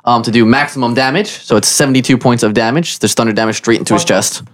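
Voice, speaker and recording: A man's voice: medium pitch, fast. A man playing a tabletop game, talking through his spells and dice math in a casual way. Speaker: player.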